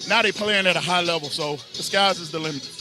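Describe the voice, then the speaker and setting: A man, a head football coach, giving an excited, emphatic postgame interview on an outdoor field sideline. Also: high voice, a little fast, over music.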